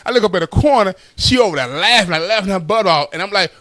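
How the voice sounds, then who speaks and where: An animated young man telling a stand-up story with a bright, forceful edge and a slightly high voice. He talks loosely with lots of fillers and cracks up at his own jokes, recorded close and dry with no room sound. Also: fast, hardly any pauses, dry recording. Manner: loose casual talk with many fillers. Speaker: stand-up comedian.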